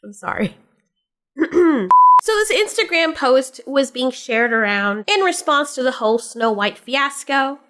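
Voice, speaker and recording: A woman's voice: sits high, lively intonation, unhurried, bright, forceful tone, a little hiss or hum. A woman hosting an opinion commentary vlog, talking in a blunt, sarcastic way and swearing freely. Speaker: commentary channel host.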